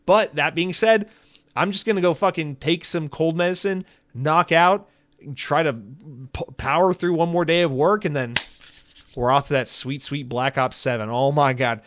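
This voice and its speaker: A man's voice: fairly high pitch, moderate pace, a bit bright. Rambling, profane male podcast host. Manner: rambling, profane, self-deprecating. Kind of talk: casual chat reading listener mail.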